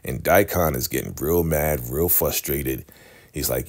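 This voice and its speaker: A man's voice: a bass voice, a little slow. A man casually recapping a TV episode, animatedly acting out the characters' lines. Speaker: TV recap vlogger.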